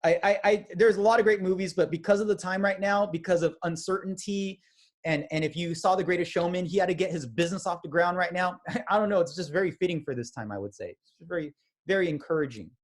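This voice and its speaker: A man giving a motivational sales training talk, energetic and acting out quoted conversations. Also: high voice, quick pace. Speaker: business trainer.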